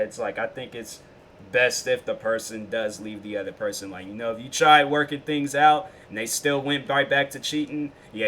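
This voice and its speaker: A man with a bright, forceful voice hosts a reaction video in loose casual chat. He rambles and restarts, piling up fillers as he goes, over a faint hiss. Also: mid-range voice.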